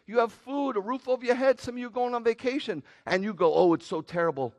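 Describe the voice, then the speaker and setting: A man preaching as rabbi to a congregation, animated and joking, swinging from loud outbursts to quiet asides. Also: very high voice, fast. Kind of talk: sermon.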